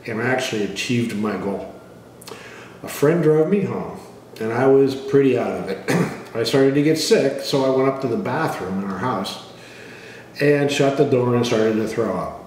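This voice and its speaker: A man's voice: medium pitch, normal speed. Middle-aged man in an echoey room. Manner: relaxed, plain-spoken, frequent throat clearing and restarts. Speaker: father sharing a personal testimony. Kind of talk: casual spoken testimony. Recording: echoey room, voice from some distance, faint noise.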